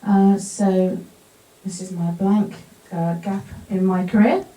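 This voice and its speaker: A woman with a medium-pitched, warm voice speaks slowly and steadily, an actor telling a funny story from her own life to a live crowd in a bar's event space. She pokes fun at herself and laughs often as she goes. The distant mic gives the recording a roomy sound.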